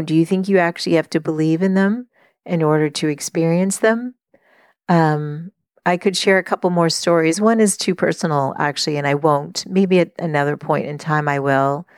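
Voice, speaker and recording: A middle-aged woman hosting a podcast, telling a personal story in an earnest, reflective way, with many pauses and fillers. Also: low voice, a little mellow, clean tone, dry recording, studio quality. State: tearful while telling a story. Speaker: podcast host and life coach.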